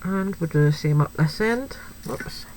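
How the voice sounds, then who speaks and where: A woman's voice: deep voice, lively intonation, moderate pace, darkish tone, a little hiss or hum, poor audio. A woman chatting through a card-making tutorial, thinking aloud as she works and making light of her own slips. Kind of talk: craft tutorial, talking while working.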